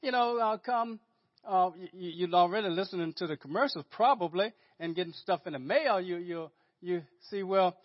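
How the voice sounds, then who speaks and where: A man's voice: high voice, moderate pace. A male pastor preaching a sermon in a conversational way, often repeating words and restarting sentences. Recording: dull lo-fi sermon audio.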